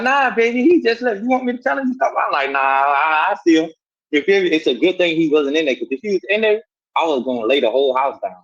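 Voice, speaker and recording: A man's voice: on the high side, slightly rough. A man from Savannah with a Southern accent, telling a street story in casual talk and acting out the voices in it. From Savannah, Georgia. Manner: animated, acts out voices in quotes. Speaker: guest telling his life story. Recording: dull lo-fi sound.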